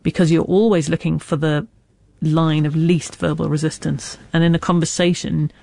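A woman's voice: deep voice, steady tone, normal speed, vocal fry, dark tone, no room sound. A middle-aged woman author who stammers, speaking candidly with restarts and asides in an interview. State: lives with a stammer. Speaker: author guest. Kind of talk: reflective interview talk.

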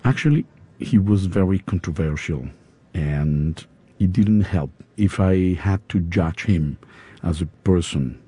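A man with a Spanish accent, an opera singer interviewed in English, his second language, pausing often to search for words. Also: deep voice, dark tone, slightly rough. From Spain. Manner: halting, searching for words with fillers.

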